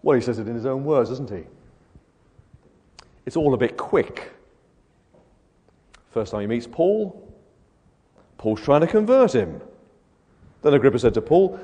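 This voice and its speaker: A man delivers an evangelistic sermon with a very animated pitch, rising and falling as he presses one rhetorical question after another. His delivery swings between hushed lows and loud, emphatic peaks. The voice rings with the long reverb of a large hall. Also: measured pace, long pauses. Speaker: preacher. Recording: echoey hall.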